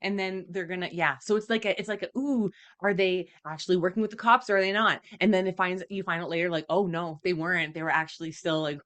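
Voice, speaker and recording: A woman with a slightly low voice chats casually as a podcast co-host. She rambles, laughs a lot and guesses her way through stories. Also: steady tone, fast, hardly any pauses, fairly bright tone. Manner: rambling, giggly, guessing plots. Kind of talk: casual chat.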